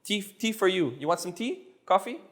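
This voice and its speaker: Guy tutoring a student, kinda high voice, patient, says stuff over n over slowly. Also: expressive, a bit bright. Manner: patient, repeats phrases slowly for drilling. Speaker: language teacher. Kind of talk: casual tutoring session.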